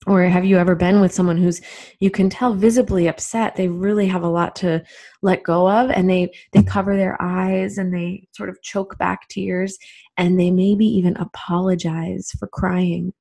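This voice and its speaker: A woman giving a reflective spiritual talk as a teacher, speaking gently with drawn-out, unhurried phrasing. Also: lowish voice, level tone, creaky.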